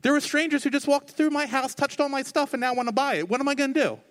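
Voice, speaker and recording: Male pastor, high voice, candid storyteller, conversational sermon. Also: fast. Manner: candid storytelling with a lively, expressive delivery. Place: on stage before a congregation.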